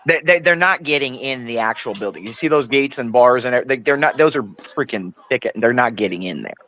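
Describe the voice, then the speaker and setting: A man's voice: mid-range voice, lively intonation, fast, a bit bright, rough recording. Man arguing emphatically on a stream. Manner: emphatic, argumentative, says dude often. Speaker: livestream co-host. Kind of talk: casual live commentary.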